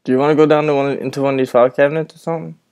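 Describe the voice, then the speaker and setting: A man's voice: a little high, steady tone, racing, darkish tone, clean tone. A man playing a horror game at night with a friend, commenting nervously and swearing into a headset at home. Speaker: gamer reacting to a horror game. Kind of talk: casual gaming commentary. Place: room at home with the lights on, at night.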